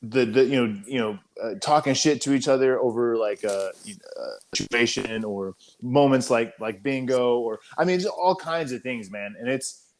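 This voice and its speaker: A man's voice: mid-range voice, moderate pace. A man hosting a podcast in casual chat, rambling with lots of filler words. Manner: rambling, many fillers, says "man" a lot.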